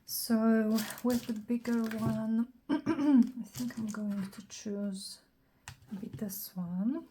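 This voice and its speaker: A woman hosting a casual crafting tutorial, thinking aloud in a scratchy, slightly hoarse voice and often clearing her throat. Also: a little high, little pitch movement, very slow, warm tone. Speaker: craft channel host.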